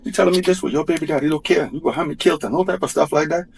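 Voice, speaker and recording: A man's voice: a little high, very fast, vocal fry, slight background noise. A man talking about his divorce in a rambling, colloquial, insistent way. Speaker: husband in a divorce dispute. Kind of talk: casual rambling talk.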